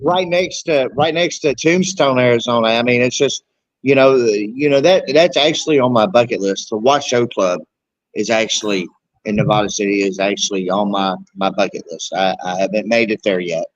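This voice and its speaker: A man's voice: on the low side, normal speed, no room sound. Hesitant man on a dull, dry line. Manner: hesitant, repeats words. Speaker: guest ghost hunter. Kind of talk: casual chat.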